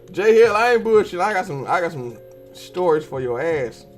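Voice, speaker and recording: A young man hosting a podcast, telling profane and animated stories in a casual monologue while he draws. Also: high voice. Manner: profane, animated storytelling with slangy cussing. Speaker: podcast host.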